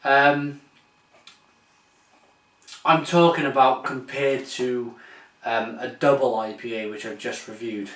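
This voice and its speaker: A British man hosts a casual beer review vlog on his channel, enthusiastic but rambling and often restarting sentences. His mid-range voice is steady and fairly bright, slow with frequent pauses, recorded in an echoey room with the mic at a distance.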